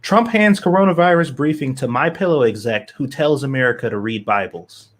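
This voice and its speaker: A man's voice: mid-range voice, brisk. A man co-hosting a live chat stream, speaking bluntly and swearing freely as he rants. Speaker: podcast co-host.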